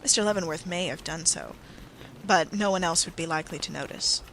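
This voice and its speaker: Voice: medium pitch, brisk, gravelly, a bit bright, slight background noise, rough recording. An audiobook narrator voicing a bitter, earnest male Victorian secretary in a solemn, intense way. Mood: guarded. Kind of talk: audiobook character reading.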